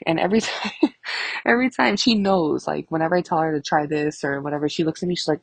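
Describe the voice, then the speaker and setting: With no room sound, a woman in her thirties talks fast in a low-sitting voice. She hosts her own podcast, telling stories casually in a monologue full of swearing, laughter, and animation.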